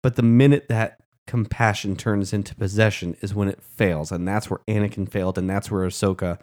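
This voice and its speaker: A man with a somewhat low voice co-hosts a podcast in relaxed conversation. He speaks earnestly and with real passion. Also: brisk. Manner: earnest and impassioned. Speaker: podcast co-host. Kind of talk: casual podcast chat.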